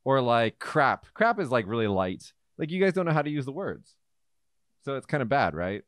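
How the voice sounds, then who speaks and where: A man hosting a casual podcast, telling animated stories full of fillers. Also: mid-range voice, normal speed, no room sound, studio quality. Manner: animated storyteller, many fillers. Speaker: podcast host. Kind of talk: casual chat. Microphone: studio mic.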